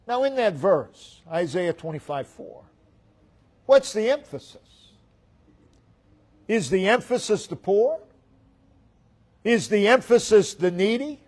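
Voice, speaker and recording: A man preaching a sermon in a slow, emphatic way, repeating phrases and letting his voice fall away at the ends. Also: high-pitched, a little mellow. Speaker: pastor.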